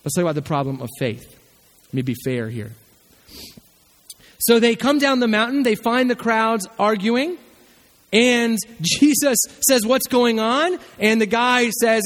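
A man's voice: very high-pitched, expressive, measured pace, a bit bright, in a large hall. A male pastor preaching a sermon, telling the story with animation and acting out the voices of the people in it.

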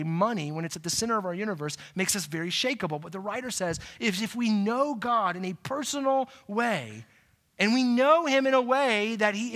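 A middle-aged male pastor delivering a sermon in a high, bright voice. He talks to the congregation like a conversation, checking in with "right?" and dropping from loud, driving emphasis to soft, quiet asides.

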